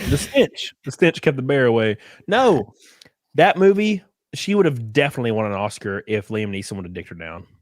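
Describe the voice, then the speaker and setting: Tipsy male podcast co-host, lively crude banter, dry close sound. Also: moderate pace, dry recording. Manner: animated, laughing, jumps into high mocking voices. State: a little drunk.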